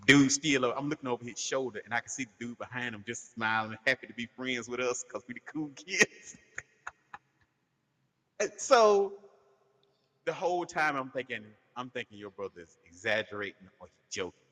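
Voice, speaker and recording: A man co-hosting a podcast, telling animated, profane stories and laughing often in casual chat. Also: mid-range voice, moderate pace, in a large hall. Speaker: podcast co-host.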